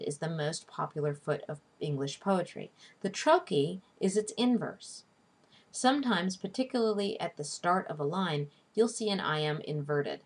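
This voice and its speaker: A woman instructor giving a recorded online lecture, teaching in a clear, deliberate way and slowing down to stress syllables. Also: on the low side. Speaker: literature instructor.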